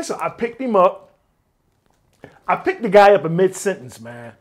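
A man recounts stories in a casual interview, his fairly high voice animated as he acts out other people's lines. He swears freely and caps many of his sentences with "man.". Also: moderate pace, gravelly, long pauses. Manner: animated, swears often, keeps saying "man". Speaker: interview guest, former bodyguard. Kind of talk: casual storytelling.

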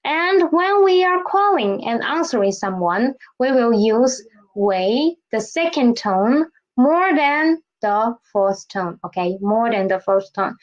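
A woman teaching a Mandarin lesson in English, explaining slowly and repeating key phrases with "okay?". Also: on the high side, lively intonation, highs cut off. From Philippines. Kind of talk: language lesson.

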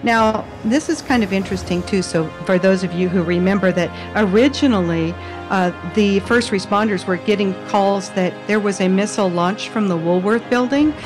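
Woman, video blogger, insistent conspiratorial storytelling, mid-pitched voice, faint music underneath. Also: normal speed. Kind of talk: casual explanatory monologue.

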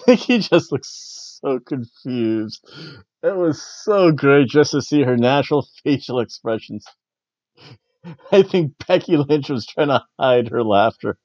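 A male podcast host gives a loose, meandering recap of a wrestling show, chuckling frequently and coming across a bit awkward. His voice sits in the middle range and is slightly mellow, recorded dry with no echo and a dull sound.

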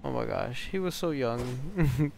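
A man giving casual, excitable let's-play commentary, swearing and exclaiming often. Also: medium pitch, takes it slowly, gravelly, soft background music. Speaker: gamer.

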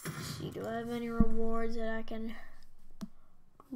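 A young woman commentating a Minecraft match, excitable and prone to squealing and shouting when things happen in the game. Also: on the high side, moderate pace, pauses often, a little hiss or hum. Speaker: gaming YouTuber. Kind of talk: Minecraft let's play commentary.

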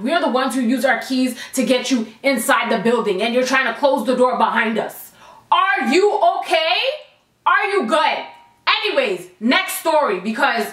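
A woman's voice: on the high side, a bit bright. A young woman telling a storytime vlog to the camera, exasperated and emphatic, with plenty of swearing. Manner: exasperated, profane and emphatic, talking straight to viewers. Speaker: vlogger. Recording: echoey room.

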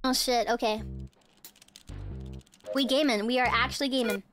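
Giggly high-voiced woman game streamer. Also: moderate pace, faint music behind. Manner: excitable, giggly, swears freely. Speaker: VTuber streamer. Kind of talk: live game commentary.

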